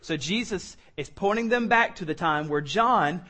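A man's voice: high voice, lively intonation, moderate pace, sharp tone. A man preaching a conversational sermon to a room, teaching verse by verse and adding joking asides. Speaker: pastor. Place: church room.

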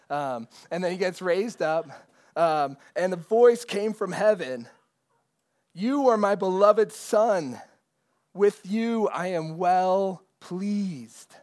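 A male pastor delivers a sermon in an earnest, explaining manner. His voice sits a little higher than most men's. He reads passages of scripture aloud, then unpacks them for the congregation. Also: a little mellow. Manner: earnest preaching with scripture readings, occasional restarts.

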